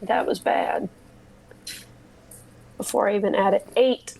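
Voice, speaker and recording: A woman's voice: mid-range voice, steady tone, takes it slowly, vocal fry, darkish tone, slight background noise, rough recording. A woman playing in a tabletop game, planning her moves aloud and reassuring the other players. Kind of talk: casual chat at a tabletop game.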